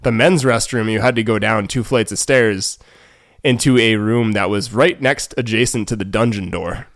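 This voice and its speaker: A man's voice: fairly low pitch, moderate pace, fairly bright tone, no room sound, studio quality. A young man with a New England accent, co-hosting a podcast and rambling through a story in casual chat, full of fillers and restarts. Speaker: podcast co-host.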